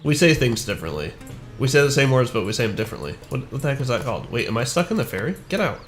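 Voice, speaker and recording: A man's voice: medium pitch, big pitch swings, very fast, faint music behind. A young man from the northern United States chatting casually with viewers while streaming a game, rambling and laughing at himself as he answers chat.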